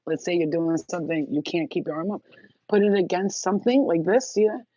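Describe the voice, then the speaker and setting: A woman's voice: on the low side, a little fast, mellow, no room sound, dull audio. A woman vlogger rambling bluntly to the camera, crude and laughing often. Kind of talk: casual rambling monologue.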